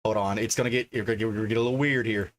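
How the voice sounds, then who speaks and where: A man's voice: on the low side, fairly even intonation, racing. A man livestreaming from his home desk, chatting casually and thinking aloud as he reads out card names one after another. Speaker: livestreamer opening card packs.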